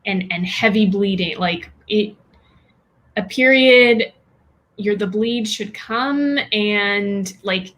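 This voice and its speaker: A woman guest in a casual interview, speaking haltingly with many fillers and restarts and light laughs between phrases. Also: mid-range voice, a bit bright. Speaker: guest, women's health practitioner.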